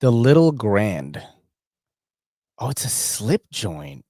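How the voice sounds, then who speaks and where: A man hosting a casual livestream and chatting in a slangy, laughing, animated way. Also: lowish voice, slow, no room sound, studio quality. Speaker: host.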